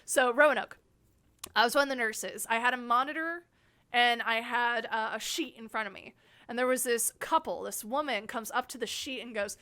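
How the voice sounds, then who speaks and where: A woman hosting a casual video call chat, telling lively stories with lots of laughter and acted-out scares. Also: on the high side, normal speed. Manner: animated, laughing, acts out scares. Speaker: host.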